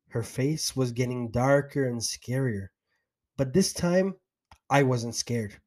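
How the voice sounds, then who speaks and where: Slow, earnest man telling his story. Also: medium pitch. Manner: earnest, emotional recounting. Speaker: podcast host. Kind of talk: first-person storytelling.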